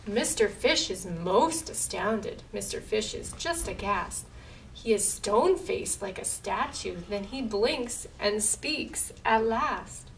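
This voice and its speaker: Slow gravelly woman reading a picture book. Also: mid-range voice, lively intonation. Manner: slow, rhythmic rhyming read-aloud. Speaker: librarian at storytime. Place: public library. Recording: distant mic with faint room noise.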